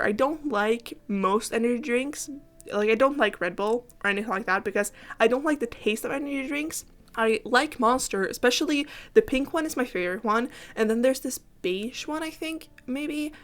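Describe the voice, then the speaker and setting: A woman's voice: on the high side, fairly bright tone. A tired, sick teenage girl from Finland, rambling and giggling through a casual game voiceover and apologizing often. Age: late teens. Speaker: gaming YouTuber.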